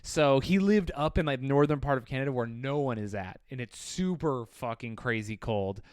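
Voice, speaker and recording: A man co-hosting a podcast, telling an animated, profane story in casual chat. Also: medium pitch, normal speed, clean tone, dry recording, studio quality. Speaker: podcast co-host.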